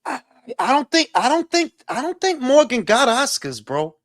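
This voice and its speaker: Male host, casual chat, animated delivery, dry close mic. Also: very high-pitched, moderate pace, dry recording. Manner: animated, profane, laughs often. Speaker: podcast host.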